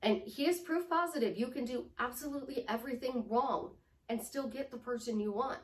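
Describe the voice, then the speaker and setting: Woman life coach, fairly high voice, emphatic and repetitive delivery, recorded off-mic in a roomy space. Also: fairly quick, recorded from a distance. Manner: emphatic, repetitive, drops to a whisper for demonstrations. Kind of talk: motivational coaching talk.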